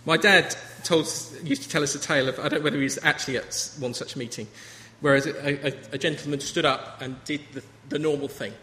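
A man's voice: on the high side, fairly even intonation, fairly quick, hardly any pauses, bright, forceful tone, slight background noise. A man in his thirties preaching a sermon in a chatty, story-telling way. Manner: conversational, anecdotal preaching. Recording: reverberant hall with faint ambience.

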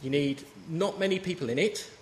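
A man's voice: fairly high pitch, fairly quick, slight background noise. Man preaching in an echoey hall. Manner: conversational, anecdotal preaching. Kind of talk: sermon. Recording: reverberant hall with faint ambience.

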